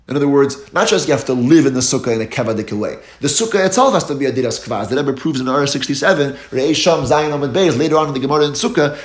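A man giving a Talmud lecture, explaining each step in a steady teaching cadence and lifting his voice on key terms. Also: mid-range voice. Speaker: Torah teacher. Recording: echoey room.

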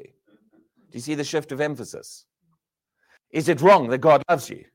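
A man preaching a sermon, asking the crowd rhetorical questions and dropping from loud emphasis to hushed words. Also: a little high, measured pace, pauses often.

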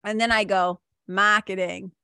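A middle-aged woman talks straight to her listeners in a casual, excited monologue, peppering her sentences with quick asides. Her voice sits at an ordinary pitch and sounds dry and close, with no room around it. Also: no room sound. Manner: enthusiastic and animated, with many "like" and "right?" asides. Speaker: podcast host. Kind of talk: casual monologue, retelling a coaching session.

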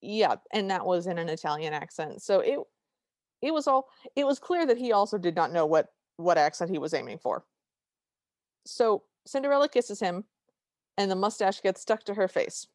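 A woman's voice: mid-range voice, sing-song, normal speed, no room sound, studio quality. Wry woman recapping a cartoon. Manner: chatty, wry, retells the plot with asides. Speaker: podcast co-host. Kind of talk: casual podcast chat recapping a cartoon.

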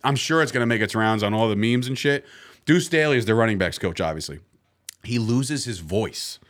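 A young man co-hosting a casual sports chat, excitable, laughing often and acting out quotes. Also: lowish voice, a little fast. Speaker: podcast co-host.

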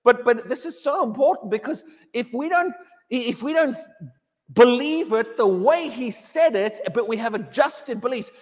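A man's voice: lively intonation, normal speed. A man preaching a sermon in a church, emphatic and given to repeating his words. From England. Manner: emphatic, repeats words, mocks a wailing believer in a high voice. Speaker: pastor. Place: church hall. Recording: long hall reverb.

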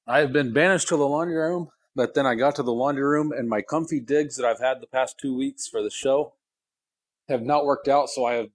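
A man's voice: mid-range voice, brisk, no room sound. Rambling man telling stories on a call. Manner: rambling, self-deprecating storyteller, laughs often. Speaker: co-host. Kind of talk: casual phone-in podcast chat. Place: sitting in a parked car in a garage.

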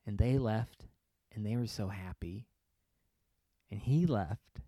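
A man's voice: on the low side, slow pace, mellow, no echo. A man hosting a podcast, telling a story in a sarcastic, comic rant, laughing often and dropping into whispers for the voices he acts out. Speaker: podcast host. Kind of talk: comedic ranting monologue.

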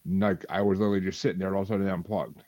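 A man's voice: sits low, flat delivery, rapid-fire, darkish tone, no room sound, rough recording. A man co-hosting a podcast, telling stories in a rambling, hedging way. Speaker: podcast co-host. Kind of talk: casual chat.

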